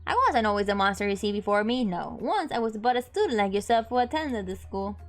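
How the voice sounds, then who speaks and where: A woman's voice: medium pitch, animated, a little fast, close to an everyday voice. A woman voicing a mischievous male spork monster, once a student, with a sly, theatrical delivery over faint game music. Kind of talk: reading game dialogue aloud.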